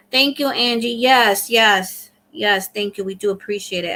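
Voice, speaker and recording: A woman's voice: medium pitch, moderate pace, hardly any pauses, bright, forceful tone. A middle-aged woman hosting a casual live stream, chatting and thanking viewers as she reads their comments aloud. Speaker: livestream host.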